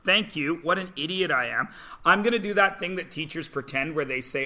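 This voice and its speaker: Bright-voiced joking male math teacher. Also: mid-range voice, fairly quick. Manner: joking, self-deprecating, prodding students to guess. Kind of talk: classroom lecture. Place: classroom.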